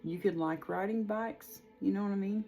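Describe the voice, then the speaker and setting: A woman's voice: mid-range voice, moderate pace, creaky, warm tone, faint music behind. A woman in her forties giving a casual, chatty tarot reading, rambling with lots of fillers. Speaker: tarot reader.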